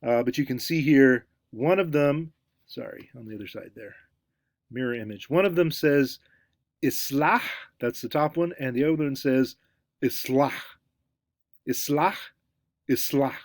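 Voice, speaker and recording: A man giving a casual recorded lecture, hesitant, with many fillers and restarts, and animated when he acts out examples. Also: mid-range voice, moderate pace, dry recording.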